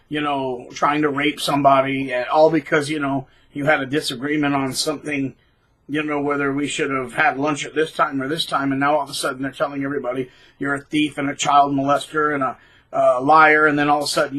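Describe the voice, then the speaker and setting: A man speaks straight to camera in a casual, blunt rant on his own channel. His voice sits a touch high for a man, with a bright, forward tone and a husky edge. He sounds scornful of the people he is describing. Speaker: channel host.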